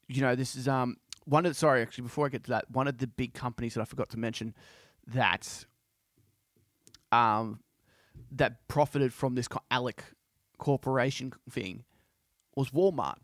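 A man hosting a podcast, speaking in an impassioned, halting way with many restarts. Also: mid-range voice, fairly bright tone, no echo, clean studio sound. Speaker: podcast host. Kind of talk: casual monologue.

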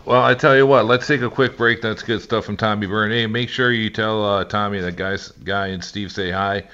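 A man's voice: lowish voice, fairly even intonation, moderate pace, bright, forceful tone, smooth, dull audio. A man hosting a sports radio show, talking casually with many fillers.

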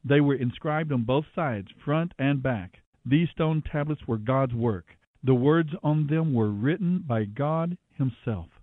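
A man of average pitch reads scripture aloud at a steady, measured pace. His voice is dry and close, with no room around it, squeezed into a narrow, phone-like band. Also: no room sound. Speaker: scripture reader. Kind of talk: steady Bible reading.

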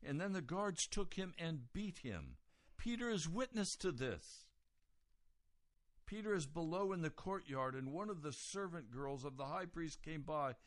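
A man preaching a sermon, retelling a scripture story and moving from quiet reading to loud, raised emphasis. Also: a little high, lively intonation, unhurried, no room sound, clean studio sound.

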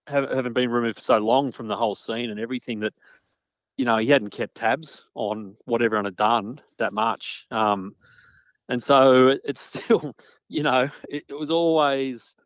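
A man's voice: mid-range voice, no echo. Aussie guy rambling on, lots of restarts, muffled dull dry recording. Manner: rambling, many restarts and fillers. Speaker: guest journalist. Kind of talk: casual interview chat. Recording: dull lo-fi sound.

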